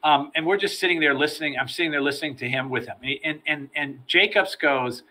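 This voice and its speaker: A middle-aged man tells stories from his career as an interview guest, animated and given to repeating words at the start of his sentences. His voice sits a little high and sounds bright and forceful, with a pushing energy behind it. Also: brisk, hardly any pauses. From United States. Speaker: interview guest, former FBI agent. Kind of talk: storytelling in a podcast interview.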